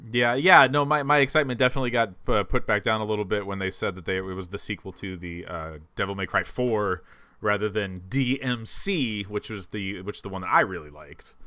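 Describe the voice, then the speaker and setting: A man's voice: lowish voice, fairly quick, sharp tone, no room sound. A man co-hosting a casual live-stream chat, hedging with lots of fillers. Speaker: podcast co-host.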